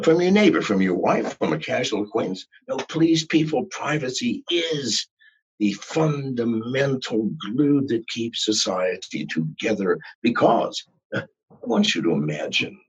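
A man speaking as a podcast guest, ranting in a profane, animated way. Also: mid-range voice, unhurried, husky, highs cut off. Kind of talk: podcast interview.

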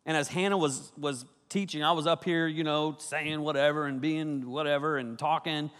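Animated youth pastor in a big hall. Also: male voice, fairly high pitch, normal speed. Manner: energetic and conversational, with sudden loud bursts. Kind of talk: sermon. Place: large auditorium. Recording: reverberant hall.

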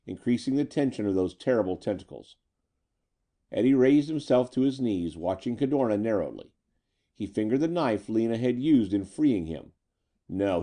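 A man's voice: fairly low pitch, dark tone. A man narrating a pulp adventure story from a script, with a dramatic storytelling manner.

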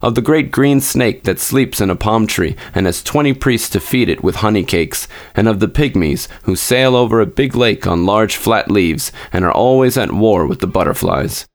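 A man reads a classic fairy tale aloud with a low, steady voice. His delivery is measured and expressive, in the manner of scripted storybook narration.

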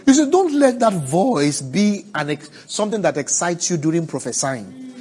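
A man preaching a sermon, asking the congregation for responses and swinging from hushed, drawn-out words to loud cries. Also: sits high, sing-song, husky. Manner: preaching with call-and-response, swelling to shouts.

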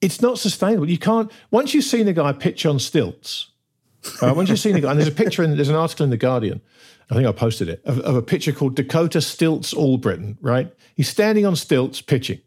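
A man's voice: on the high side, sing-song, a little fast, darkish tone, slightly rough. A man co-hosting a casual talk show, making his points with emphasis and asking "right?" often. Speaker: podcast co-host. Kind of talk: casual conversation.

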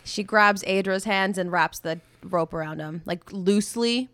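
A woman's voice: medium pitch, measured pace, fairly bright tone, no echo. A woman playing a tabletop role-playing game, playful and laid-back as she describes her character's moves. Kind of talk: casual tabletop role-play.

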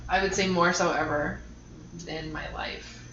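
A woman co-hosting a podcast, chatting casually in a blunt, joking way and laughing often. Her voice rings around an echoey room. The sound is dull and muffled, with steady noise behind it. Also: on the low side, unhurried. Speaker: podcast co-host. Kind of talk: casual chat.

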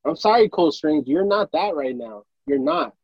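A man's voice: fairly high pitch, very animated, normal speed, vocal fry, breathy edge, no room sound, muffled recording. A young man, a podcast co-host, ranting angrily and with lots of swearing about a football draft pick. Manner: angry, profane, repetitive ranting. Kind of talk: heated sports rant.

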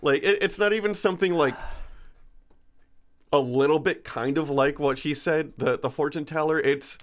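A man co-hosting a casual podcast, telling a history story in a rambling way, stumbling over names and filling pauses. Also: a little high.

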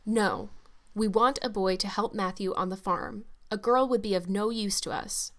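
A woman's voice: mid-range voice, moderate pace, natural voice. A woman voicing a stern, unsympathetic older farm woman who speaks curtly and sharply. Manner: curt and sharp.

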